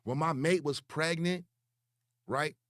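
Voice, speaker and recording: A young man delivers a slow, profane call-out rant, repeating words to hammer his points home. His voice sits a little high for a man. The sound is dry and close, with no room around it. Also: a bit bright, dry recording. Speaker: online commentator.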